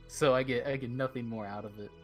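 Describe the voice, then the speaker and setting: A man playing a tabletop game, describing his character's actions in casual chat and bursting out loudly over dice rolls. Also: medium pitch. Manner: excitable, loud bursts when rolling dice. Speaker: player.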